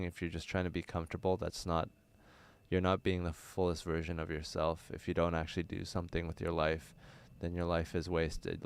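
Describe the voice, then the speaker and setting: A young man talks in a low, smooth voice, wandering through his answers with plenty of ums and uhs. He sounds earnest and off-the-cuff as he chats with viewers. The sound is dry and close, recorded inside a small van. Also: darkish tone, dry recording. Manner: rambling, filler-heavy, earnest. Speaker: stand-up comedian. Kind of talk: casual livestream Q&A.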